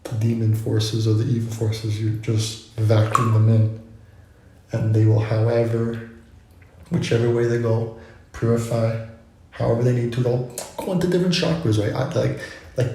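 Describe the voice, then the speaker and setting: A man's voice: medium pitch, flat delivery, moderate pace, dark tone. A man vlogging, musing in a loose, rambling way full of asides. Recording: very echoey room.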